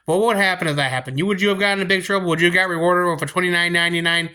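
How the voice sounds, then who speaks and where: A young man casually telling a story to his viewers, rambling and animated, with many restarts. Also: high voice, rapid-fire, clear, resonant tone. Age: young adult. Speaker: storytime vlogger.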